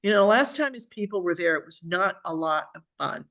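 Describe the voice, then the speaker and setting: An older woman, an author, telling a personal story at home in a lively, chatty way and acting out what people said. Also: fairly low pitch, a little fast. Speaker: author and guest speaker. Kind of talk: conversational storytelling talk.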